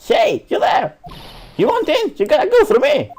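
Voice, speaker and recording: Brief: high, shrill old woman security guard, nosy and scolding, for a game let's play. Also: huge pitch swings, normal speed, darkish tone, a little hiss or hum, heavily acted. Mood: bossy.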